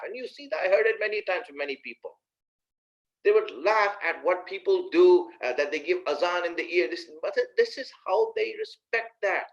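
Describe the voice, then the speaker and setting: Conversational male preacher, slightly lo-fi. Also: on the high side. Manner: conversational, addresses listeners directly with rhetorical questions. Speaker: Islamic preacher. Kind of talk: sermon.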